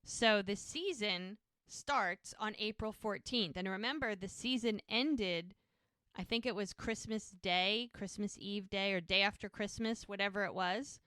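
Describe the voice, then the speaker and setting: A woman's voice: medium pitch, unhurried, bright, forceful tone, no room sound, clean studio sound. A woman co-hosting a podcast, casually recapping a TV episode and retelling each scene while quoting the characters. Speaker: podcast co-host.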